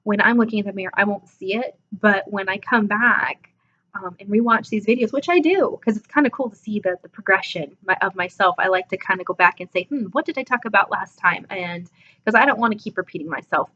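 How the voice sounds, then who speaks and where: This vlogger in her twenties has a bright, forceful mid-range voice and talks a little fast to camera about her fitness numbers. Chatty and self-deprecating, she yawns and seems a bit sleepy, and the audio is dull.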